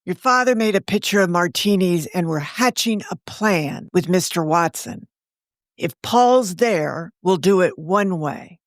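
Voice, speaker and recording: A woman's voice: fairly low pitch, lively intonation, unhurried, no echo, clean studio sound. A woman voicing a breezy, sing-songy suburban mother who is hatching a plan. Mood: scheming.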